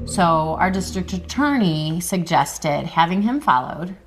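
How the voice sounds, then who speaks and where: A woman's voice: on the low side, very animated, a little slow. A woman detective recounting a case in an interview, in a conversational, step-by-step way.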